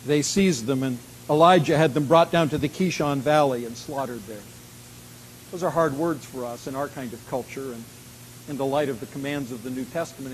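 A man preaching a sermon, reading scripture dramatically, slowing down and rising in volume on key lines, then dropping to a quiet, intimate tone. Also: medium pitch, slight background noise, rough recording. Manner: dramatic, slows and rises to a shout on key lines. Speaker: pastor.

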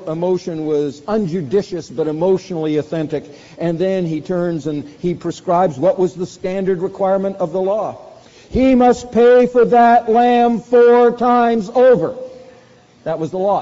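A man's voice: fairly high pitch, dark tone. A man preaching a sermon, with dramatic bursts when he acts out quoted lines. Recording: dull sound with long hall reverb.

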